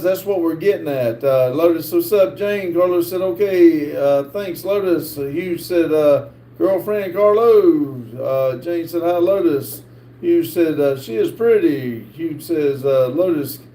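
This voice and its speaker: A middle-aged man with a North Carolina accent hosts a live stream and reads viewer comments aloud, halting often with "uh". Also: on the high side, warm tone. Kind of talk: casual live-stream chat. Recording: echoey room with faint background hiss.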